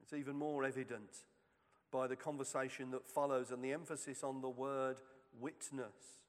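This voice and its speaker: A man giving a sermon reflection, reading in a slow, measured way with long pauses. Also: mid-range voice, fairly even intonation, big-room sound. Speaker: preacher.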